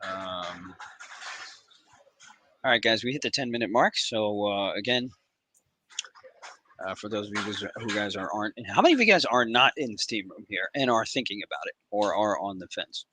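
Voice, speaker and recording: A man hosting a live trading stream, talking in casual, profane banter with sudden loud outbursts. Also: fairly low pitch, lively intonation, normal speed, pauses often, slight background noise, low-quality recording. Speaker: livestream trading host. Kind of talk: casual livestream chat.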